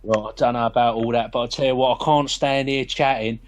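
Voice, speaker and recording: A man's voice: mid-range voice, steady tone, fairly quick, noisy background, voice pushed down, close to an everyday voice. A man voicing a streetwise man in a tabletop role-play, chummy and conspiratorial. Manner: chummy, conspiratorial, keeps saying mate. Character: streetwise burly man, chatty Cockney geezer.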